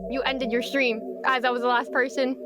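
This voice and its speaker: A woman's voice: sits high, level tone, brisk, music in the background. A woman caller teasing the host in a giggly way.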